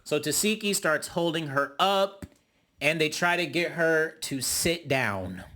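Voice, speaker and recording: A young man giving a sassy, dramatic recap of a reality show, often mimicking cast members in high voices. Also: measured pace, a bit bright. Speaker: YouTube reality TV reviewer. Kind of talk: casual commentary recap.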